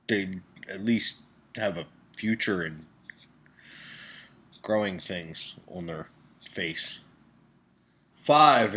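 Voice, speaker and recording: Young male vlogger, bright forceful voice, crude sarcastic comic rants. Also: mid-range voice. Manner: profane, sarcastic, swings between loud outbursts and mumbled asides. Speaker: video blogger answering viewer questions. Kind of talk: comedic rant.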